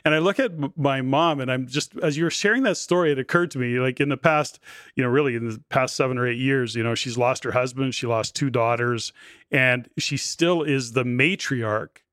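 A man's voice: mid-range voice, moderate pace, fairly bright tone, no echo, clean studio sound. A man in his sixties hosting a podcast interview, telling stories in a chatty way with many fillers like "you know". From Canada. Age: 60s. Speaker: podcast host. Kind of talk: casual interview chat.

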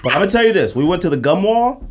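A man hosting a podcast in casual chat, telling stories in an animated way and laughing often. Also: sits high, a little hiss or hum. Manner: animated storytelling, quick to laugh. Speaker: podcast host.

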